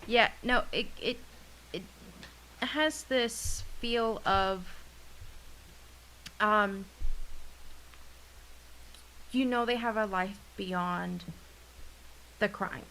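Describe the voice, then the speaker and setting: Slow, halting woman over faint hiss. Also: medium pitch, sharp tone, low-quality recording. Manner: slow and halting, searching for words. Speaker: podcast co-host. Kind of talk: casual podcast chat.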